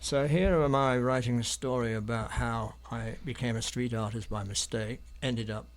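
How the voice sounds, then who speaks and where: A man's voice: medium pitch, fairly even intonation, moderate pace. An English man from London, an artist guest in an interview, telling stories in a rambling, hesitant way with many ums and restarts. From London, England. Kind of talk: anecdotal storytelling in an interview.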